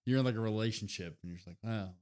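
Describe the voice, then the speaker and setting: Low-voiced young man, laid-back podcast talk. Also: rapid-fire, a little mellow, clean tone. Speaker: podcast co-host. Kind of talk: casual wrestling recap chat.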